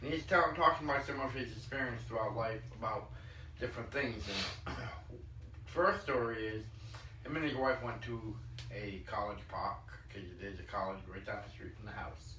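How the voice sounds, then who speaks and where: A man retelling stories with bright, lively quoted voices. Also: mid-range voice, normal speed. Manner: retells anecdotes with lively quoted dialogue, clears throat often. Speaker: podcast host. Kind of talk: casual storytelling. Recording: echoey room, distant mic, faint noise.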